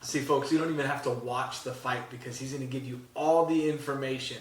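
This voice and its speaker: Middle-aged dad, roomy far-off sound. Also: male voice, medium pitch, fairly even intonation, a little fast. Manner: laid-back, teasing, prompting questions. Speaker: podcast co-host and dad. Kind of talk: casual sports chat. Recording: roomy, from mic distance.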